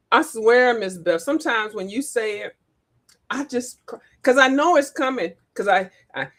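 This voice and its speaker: A woman hosting a casual livestream, animated, laughing often and breaking into sung and mimicked lines. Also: fairly high pitch, slow, pauses often. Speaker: livestream host. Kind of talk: casual live chat.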